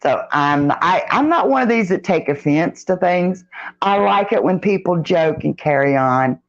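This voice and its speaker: A middle-aged woman chatting casually on a live stream, reading out the live chat and greeting viewers by name in a folksy, drawn-out way. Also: on the low side, lively intonation, lo-fi sound.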